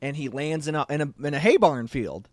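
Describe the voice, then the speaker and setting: A man talks through a film review in casual chat, rambling and restarting his sentences. His voice sits fairly high. The room sounds dry and close. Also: expressive, a little fast, darkish tone, dry recording. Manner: rambling, many restarts and "you know". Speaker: podcast co-host.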